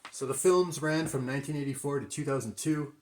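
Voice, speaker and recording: A man's voice: mid-range voice, brisk. A man with a Midwestern accent, casually rambling through a comic book haul as a collector, thinking aloud with plenty of fillers. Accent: American Midwest. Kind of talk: casual unscripted video commentary.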